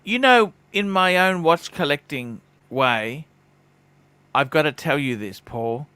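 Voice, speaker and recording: A man's voice: fairly high pitch, lively intonation, slow pace, bright, forceful tone, clean tone, no room sound. A man hosting a casual livestream chat, talking bluntly and swearing freely. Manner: blunt, swearing, mimics others in quotes. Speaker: livestream host.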